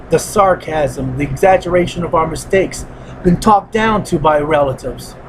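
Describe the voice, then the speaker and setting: Earnest high-voiced man, heavy-hearted monologue. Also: background noise. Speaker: vlogger. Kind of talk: personal spoken monologue.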